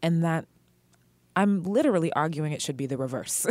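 A woman's voice: deep voice, normal speed, a little mellow. A woman co-hosting a podcast in casual chat, heated and swearing freely, with frequent laughs. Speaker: podcast co-host.

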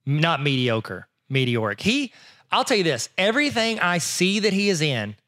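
A man's voice: high-pitched, big pitch swings, moderate pace, sharp tone, dry recording, studio quality. A man co-hosting a podcast in casual comedic chat, jokey and self-mocking, laughing often. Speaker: podcast co-host.

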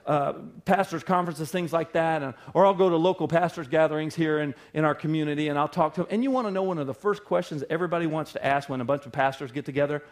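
A man preaching a sermon as pastor, swinging between loud emphatic bursts and quiet low passages.

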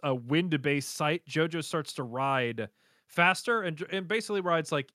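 A man co-hosting a casual podcast, animatedly retelling an anime plot with quick voice impressions and laughter. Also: on the high side, sharp tone, no room sound, studio quality. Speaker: podcast co-host recapping an anime. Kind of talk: casual chat.

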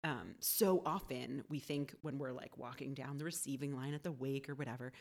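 A woman in a conversation who talks thoughtfully and often checks in with a quick "right?". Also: rumbling low. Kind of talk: conversational podcast chat.

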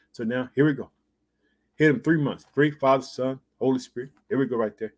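A man's voice: medium pitch, brisk. A man reading scripture aloud and breaking off to preach on it, fervently prodding his listeners with rhetorical questions. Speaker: bible teacher.

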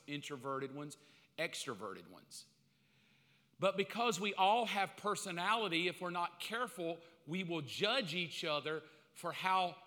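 A man preaching a sermon with comic asides, bursting into loud acted-out calls now and then. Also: on the high side. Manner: comic, animated, acts out quotes in loud bursts. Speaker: pastor. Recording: long hall reverb.

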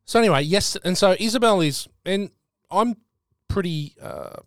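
A man's voice: sits high, normal speed, no echo, studio quality. A middle-aged Australian man co-hosting a podcast, telling a story in a casual chat and getting worked up as he goes. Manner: animated storytelling, voice jumps up when worked up. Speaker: podcast co-host.

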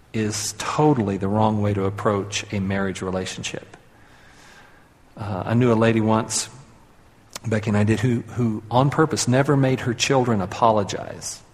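A man's voice: on the low side, normal speed, in a large hall. A man preaching a sermon in a conversational way, leading his listeners to repeat phrases after him. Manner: conversational, leads audience in call-and-response. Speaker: pastor.

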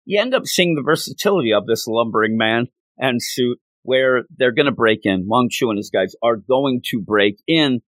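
Man, mid-pitch, casual animated recap, dry close mic. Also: no echo. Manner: animated, jumps into quick voices for characters. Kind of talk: casual comic-book retelling.

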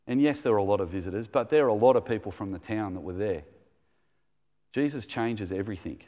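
A man's voice: lowish voice, a little mellow, long reverb tail. A man preaching a sermon in a conversational, enthusiastic way, telling stories as he goes.

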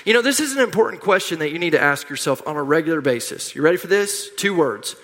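A man's voice: a little high, lively intonation, fast talker, a bit bright. A middle-aged man preaching a sermon, emphatic and repetitive, leading the congregation in call-and-response. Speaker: pastor. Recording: long hall reverb.

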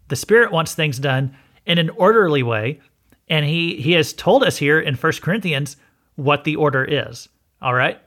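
A man delivers a relaxed, sermon-style Bible lesson, his voice sitting a little high. He talks to listeners directly and often stops to check they are following. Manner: conversational, frequent "okay?" check-ins. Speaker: pastor and podcast host.

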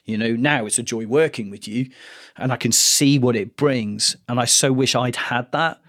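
Dramatic, husky man. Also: medium pitch, normal speed, no room sound, clean studio sound. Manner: dramatic, animated storyteller. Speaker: photographer guest. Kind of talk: podcast interview storytelling.

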